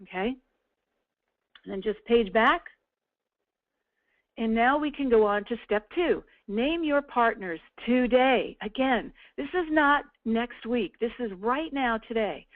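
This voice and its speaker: A woman's voice: fairly high pitch, animated, a little slow, dry recording. A woman team leader walking listeners through a business tool in a chatty, upbeat coaching manner, often checking in with "okay?". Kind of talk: casual webinar walkthrough. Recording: tinny phone-like audio.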